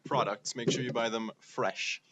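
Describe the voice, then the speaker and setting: A man co-hosting college radio, telling jokes deadpan. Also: mid-range voice, normal speed, background noise. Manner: deadpan joking.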